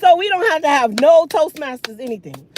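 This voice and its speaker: A woman in her thirties ranting casually while getting ready, sassy and animated, talking with food in her mouth. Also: high-pitched, fairly quick, background noise. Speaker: hair care vlogger.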